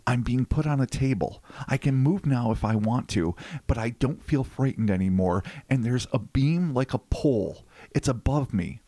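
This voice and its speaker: Podcast host, man, mid pitch, dry close mic, profane joking storyteller. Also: normal speed, hardly any pauses, warm tone, no echo. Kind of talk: casual chat and case narration.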